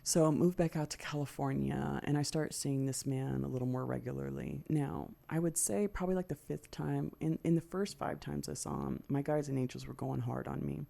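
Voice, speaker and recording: Gravelly-voiced woman telling a frank story. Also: a bass voice, a little fast, hardly any pauses, mellow. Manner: frank and profane, acts out her own past thoughts. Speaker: podcast host. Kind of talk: candid personal storytelling.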